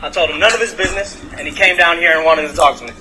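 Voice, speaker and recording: A man's voice: a little high, racing, noisy background. A man in a heated, profane confrontation outdoors on a residential street, filming on his phone. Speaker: delivery worker.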